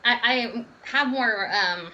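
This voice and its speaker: A woman dietitian telling her story in a casual interview, animated and acting out quoted dialogue. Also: on the high side, slow, highs cut off, a little hiss or hum. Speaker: dietitian and runner.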